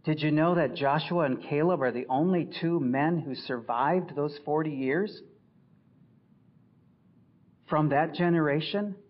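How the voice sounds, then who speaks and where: Man, pastor, sermon, emphatic, slow delivery, dull lo-fi recording. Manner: emphatic, rising loud for scripture and dropping low and soft for reflection.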